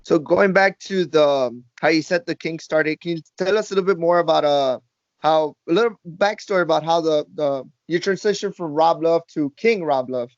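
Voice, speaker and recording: A man hosting a casual interview, asking quick, hesitant questions. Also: a little high, dry recording. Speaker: podcast host. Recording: dry, muffled lo-fi audio.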